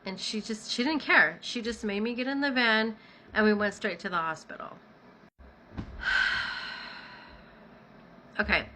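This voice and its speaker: A woman's voice: medium pitch, a little slow, pauses often, a little hiss or hum, low-quality recording. A woman telling a personal story in a casual vlog, acting out the dialogue as she recounts it. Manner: animated retelling with acted-out dialogue.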